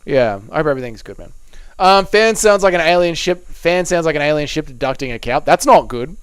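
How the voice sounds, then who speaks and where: A man's voice: a little high, expressive, fairly quick, clear, resonant tone, dry recording. A young Australian man reading out and answering chat messages on a live stream, swearing and bantering in a blokey way.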